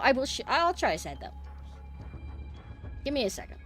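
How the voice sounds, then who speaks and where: Young female streamer, high bright voice, frustrated and shouting, faint music underneath. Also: sing-song, normal speed. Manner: frustrated, swearing, yelling at the game. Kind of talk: live gameplay streaming.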